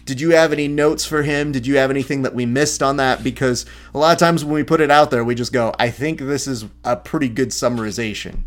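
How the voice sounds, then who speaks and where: A man's voice: medium pitch, brisk, few pauses. A man co-hosting a grappling podcast, loose and joking, swearing casually as he talks with a guest. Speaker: podcast co-host.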